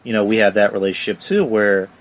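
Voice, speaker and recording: Male podcast host, somewhat low voice, rambles with lots of "you know". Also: steady tone, fast talker. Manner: rambling, many fillers, laughs along. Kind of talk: casual podcast chat.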